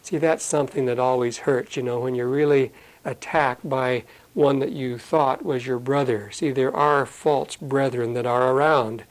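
A man leads a church Bible study in a relaxed, conversational sermon voice at an ordinary middle pitch. He reads the verses slowly and deliberately, then breaks into plain, folksy explanations for the congregation. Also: rough recording. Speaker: pastor.

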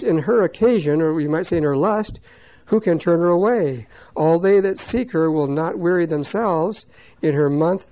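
Guy going thru bible verses, reads em slow n loud then explains fast, warm dark tone. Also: fairly high pitch, low-quality recording. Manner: reads scripture slowly and loudly, then explains it quickly in plain words. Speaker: Bible teacher.

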